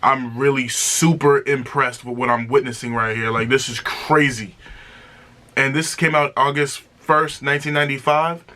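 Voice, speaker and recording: A man reviewing an album in an excited, casual way, exclaiming and repeating himself. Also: medium pitch, normal speed. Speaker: music reaction reviewer.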